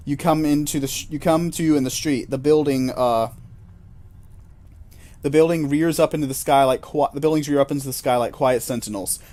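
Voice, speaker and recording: A man's voice: mid-range voice, darkish tone. A man narrating a solo tabletop game in a self-amused, chatty way, dropping jokey asides.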